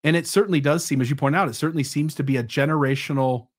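A man's voice: a little high, rapid-fire. A man in his forties, a podcast guest who explains his ideas thoughtfully and with some fillers. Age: 40s. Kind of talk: conversational interview.

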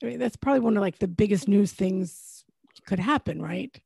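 A woman interviewing a guest, asking questions casually with quick, encouraging interjections. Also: mid-range voice, creaky, a little mellow.

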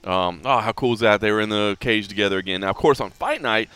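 A man hosting a podcast, chatting casually about fights, animated and full of restarts. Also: on the low side, clear, resonant tone. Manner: animated, talks fast with many restarts. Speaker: podcast host. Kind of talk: casual sports chat.

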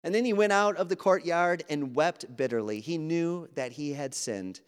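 Male preacher, slightly higher voice, earnest and conversational, big church reverb. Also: moderate pace, smooth. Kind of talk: sermon. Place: church sanctuary. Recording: long hall reverb.

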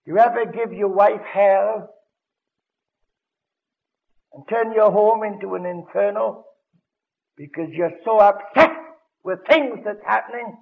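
Older male evangelist, high gravelly voice, dramatic storyteller; dull old broadcast sound. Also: takes it slowly, pauses often. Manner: dramatic storytelling with sudden loud bursts. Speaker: evangelist preacher. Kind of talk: radio broadcast sermon.

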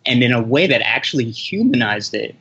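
A man's voice: medium pitch, expressive, a little fast, a bit bright, breathy edge, lo-fi sound. A man from America, guesting on a podcast, speaking earnestly and confidently with a playful edge. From America, of Haitian parents. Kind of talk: casual podcast chat.

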